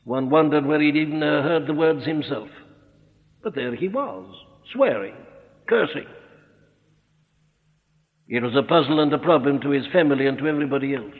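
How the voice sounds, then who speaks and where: A man preaching an expository sermon, earnest and emphatic, slowing down to stress his points. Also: fairly high pitch. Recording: echoey hall on a tinny narrow-band recording.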